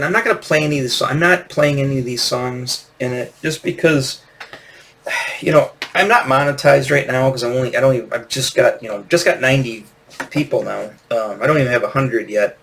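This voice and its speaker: Male vinyl vlogger, mid pitch, casual rambling rant, plenty of swearing. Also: creaky, a little hiss or hum. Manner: many fillers and restarts. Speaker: vinyl channel host. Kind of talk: casual vlog talk.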